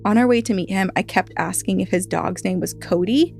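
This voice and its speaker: A woman co-hosting a podcast who reads online stories aloud in a casual way and slows down for emphasis. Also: mid-range voice, vocal fry, a little mellow, faint music behind. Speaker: podcast co-host reading a story aloud. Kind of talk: casual reading of online posts.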